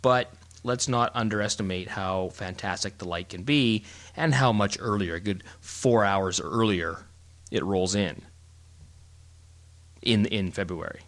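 Middle-aged guy co-hosting, lowish voice, rambly animated storytelling, lots of restarts. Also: a little slow. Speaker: podcast co-host. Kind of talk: casual chat.

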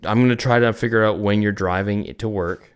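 Man, smooth voice, low, podcast co-host, teasing, casual. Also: steady tone, a little fast. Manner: teasing, joking. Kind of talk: casual chat.

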